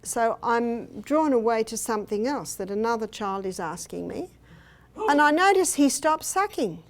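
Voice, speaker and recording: Speaking at a moderate pace with a slightly high voice and lively intonation, an older woman tells personal stories at a health seminar, acting out people's words. The talk takes place in a hotel meeting room.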